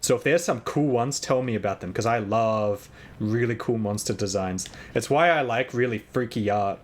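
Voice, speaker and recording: A man live-streaming a game, chatting casually with viewers and thinking aloud in an excitable, rambling way, sometimes shouting at his in-game horse. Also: mid-range voice, normal speed.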